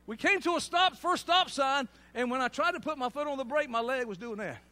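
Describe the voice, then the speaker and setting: A middle-aged man, preaching a sermon with storytelling and loud bursts. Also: very high voice, fairly quick.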